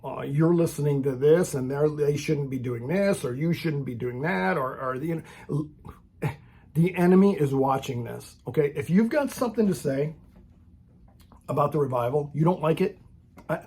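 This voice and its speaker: A man's voice: on the high side, a little mellow, breathy edge. A man making an impassioned, preachy rant straight to camera for his video channel, blunt and full of repeated "okay?"s and restarts. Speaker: Christian video maker.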